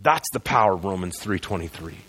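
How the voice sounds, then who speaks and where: A man preaching a sermon as pastor in a church, moving between loud proclamation and quiet earnest passages. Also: deep voice, expressive, brisk, slightly rough. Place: church sanctuary.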